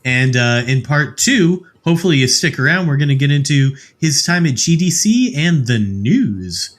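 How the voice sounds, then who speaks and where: A man's voice: fairly high pitch, big pitch swings, moderate pace. A man hosting a podcast, chatting casually in an easygoing, self-deprecating way. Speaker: podcast host.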